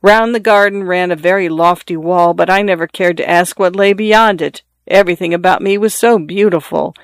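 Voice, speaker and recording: A mournful prince turned statue, as a man reads him, gentle and low in manner yet still fairly high for a man. The sound is close and dry, with no echo at all. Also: moderate pace, clean tone. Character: sorrowful male prince statue.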